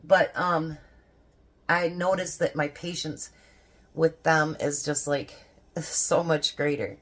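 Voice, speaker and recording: Low-voiced chatty grandmother. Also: fairly even intonation, takes it slowly, a bit bright. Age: older. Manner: rambling, chatty, laughs often. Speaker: homestead vlogger. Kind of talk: casual devotional chat.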